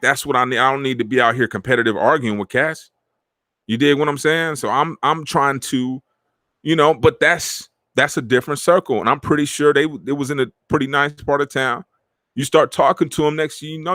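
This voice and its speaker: A middle-aged man hosting a podcast, talking in animated street slang and acting out the friends he quotes. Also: a little high, normal speed, no echo, studio quality. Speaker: podcast host. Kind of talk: casual motivational talk.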